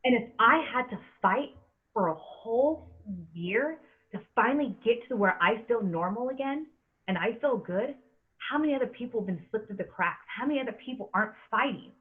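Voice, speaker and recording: A woman's voice: fairly high pitch, expressive, normal speed. A woman in her thirties hosting a podcast, speaking earnestly and with emphasis, often repeating words as she talks. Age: 30s. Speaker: podcast host. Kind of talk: casual podcast chat. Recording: tinny phone-like audio.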